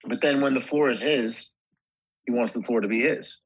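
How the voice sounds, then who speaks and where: Husky guy actor in an interview, keeps restarting sentences, kinda dull lo-fi sound. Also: mid-range voice. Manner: halting, many restarts and fillers. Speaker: actor guest. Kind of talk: casual interview chat.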